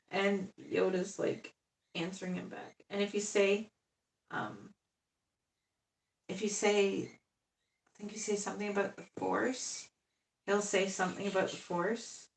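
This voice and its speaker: A woman's voice: medium pitch, creaky. A woman in her fifties chatting on a casual live stream at home as she works on dolls. She rambles and laughs often. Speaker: doll artist live-streaming. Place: home room. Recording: echoey room, far from the mic.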